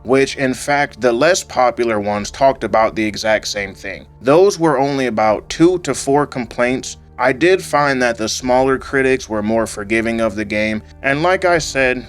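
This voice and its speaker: A man reading a scripted gaming video essay into a home microphone, in a calm, fairly monotone way with occasional rises. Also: mid-range voice. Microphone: home microphone voice-over. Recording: faint background music under voice-over.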